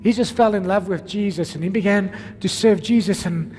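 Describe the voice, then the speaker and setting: A South African man, a pastor, preaching an energetic sermon full of rhetorical questions and calls to the congregation. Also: high-pitched, normal speed, husky. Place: church. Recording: long reverb of a church hall.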